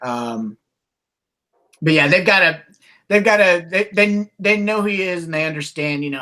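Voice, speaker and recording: Bright, higher-pitched male podcast host. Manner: halting storytelling with many restarts; animated, acts out quotes. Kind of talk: casual podcast chat.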